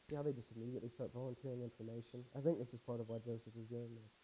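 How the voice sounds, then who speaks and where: A man's voice: medium pitch, fast talker, dark tone, rough recording. A man preaching a casual sermon, reading scripture aloud and adding wry, conversational asides. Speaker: pastor. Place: church.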